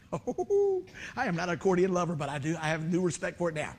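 A man preaching a sermon, animated and often laughing as he tells a funny personal story. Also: high-pitched, normal speed. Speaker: preacher and musician.

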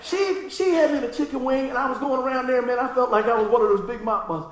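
A middle-aged male pastor with a high voice tells a comic story from the pulpit, laughing as he goes and then sinking into hushed asides. His voice carries through a roomy, echoing hall. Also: quick pace. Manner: animated, laughing storyteller who drops to quiet asides. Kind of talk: sermon with humorous storytelling.

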